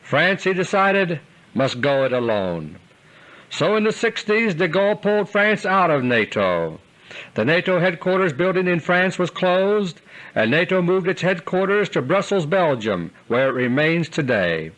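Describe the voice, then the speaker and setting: A man delivering a scripted political commentary monologue in an earnest, deliberate way, slowing down for emphasis. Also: on the high side, sing-song, a bit bright, low-quality recording. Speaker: commentator delivering a recorded audio letter.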